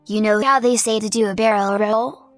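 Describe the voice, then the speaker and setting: A woman's voice: medium pitch, steady tone, normal speed, dry recording, soft background music, close to an everyday voice. A battered, grumpy older alicorn grumbles his wry complaints, as a woman puts on his voice. He sounds worn out but can't resist a dry quip. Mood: grumbling.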